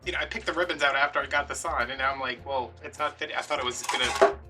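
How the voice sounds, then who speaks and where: A man, chatting and telling an animated story while he makes a craft at home. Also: mid-range voice, quick pace, far from the mic, faint music behind. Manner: chatty, animated, acts out quotes. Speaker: craft vlogger.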